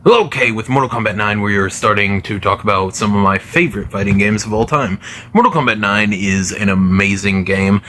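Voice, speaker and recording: A man's voice: lowish voice, a little fast, noisy background. A man giving casual gaming commentary to his channel, rambling with many fillers and restarts. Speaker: gaming video creator.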